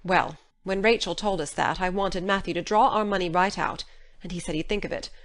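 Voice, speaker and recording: A woman voicing a practical older countrywoman, stern but caring, speaking in a lowish, plain and matter-of-fact way. Her speech is homespun and measured, as in a radio drama. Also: fairly bright tone. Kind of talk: full-cast audiobook drama.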